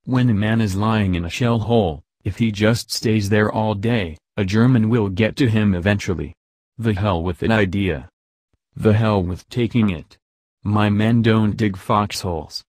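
A man reading out a blunt, profane army general's speech to his troops in a gruff, commanding manner. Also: fairly low pitch, a little slow, a little mellow, dry recording. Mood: fierce. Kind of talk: read-aloud speech.

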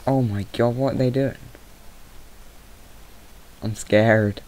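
A man's voice: mid-range voice, steady tone, takes it slowly, a little mellow, rough recording. A young man giving rambling let's play commentary, easily startled and chatting to the animals in the game. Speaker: gamer. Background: mouse clicking.

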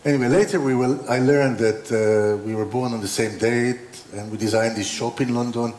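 A man's voice: mid-range voice, steady tone, normal speed, darkish tone. Man telling anecdotes in a roomy hall. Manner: rambling, full of restarts and dry humor. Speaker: designer giving an opening talk. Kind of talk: informal lecture with anecdotes. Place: exhibition hall. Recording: roomy hall with faint ambience.

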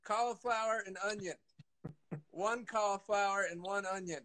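Here a man with a high voice speaks at a moderate pace over a low-quality recording. He's a guest cook on a live video call, chatting easily while he cooks. He jokes and pokes fun at himself, and his volume jumps when he leans toward the mic.

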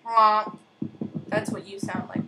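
A woman chatting excitably through casual gameplay commentary, sing-song and fond of mild cursing. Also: on the high side, measured pace, noisy background. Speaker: gamer.

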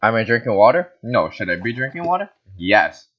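A young man, tipsy from wine, chatters and swears through a casual gaming session. His voice sits a little low but bounces all over the place. The recording sounds dull and lo-fi. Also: sing-song, brisk, slight background noise. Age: young adult. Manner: rambling, self-mocking, swearing. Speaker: host. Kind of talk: casual Minecraft let's-play chatter.

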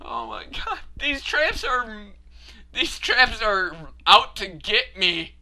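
A man's voice: sits high, big pitch swings, takes it slowly, pushed and bright, exaggerated voice. A man putting on a melodramatic panicked young adventurer woman, wailing about her hurt leg.

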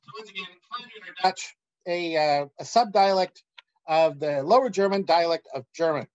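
A man giving an academic conference talk, measured and pausing often with "uh.". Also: high-pitched, dull audio. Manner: measured, with frequent "uh" pauses. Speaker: academic lecturer.

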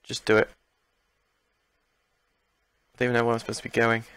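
A man's voice: medium pitch, monotone, brisk, fairly bright tone, clear, resonant tone. Exasperated young man ranting. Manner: exasperated, ranting, swears and sighs. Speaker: let's play gamer. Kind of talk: game commentary.

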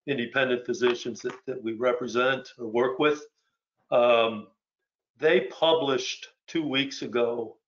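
A man on a webinar panel, speaking hesitantly with many pauses as a publisher. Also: mid-range voice, fairly bright tone. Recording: dull video call audio.

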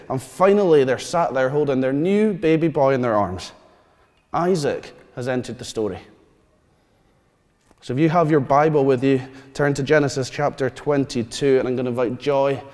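A man, preaching a sermon. He tells stories and asks the congregation questions, dropping to quiet asides. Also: mid-range voice. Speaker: pastor. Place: church hall. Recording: long church reverb.

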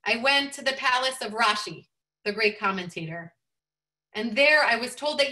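A woman rabbi telling a teaching story in an expressive way, lifting her voice for quoted speech. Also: fairly high pitch, normal speed.

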